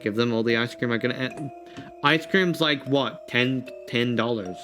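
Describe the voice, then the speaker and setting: A man streaming casually, reading quiz questions aloud and thinking out loud in a rambling, often laughing way. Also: mid-range voice, a little slow, music in the background.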